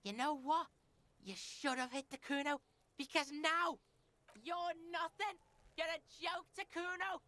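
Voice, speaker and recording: A woman's voice: high-pitched, measured pace, pushed and bright, voice pushed up. A woman voicing a crude, swaggering young boy who taunts and talks about himself in the third person. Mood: menacing.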